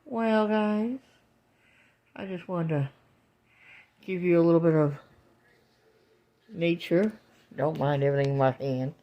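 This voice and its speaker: Speaking at a measured pace with long pauses and a fairly low pitch, a woman vlogs from home on her phone, narrating out a window. She stays animated throughout, cooing, exclaiming, and calling her viewers "guys" in casual home-video fashion.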